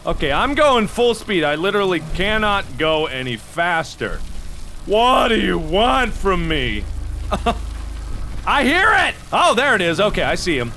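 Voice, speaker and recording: A young man narrating his horror game run, his voice bright and edged, swinging wildly from low grumbles to high yelps of panic. He rants and shouts in exasperation, and a faint hiss sits under the recording. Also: sing-song, measured pace. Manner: loud frantic shouting and exasperated ranting. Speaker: gaming video host. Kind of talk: horror game playthrough commentary.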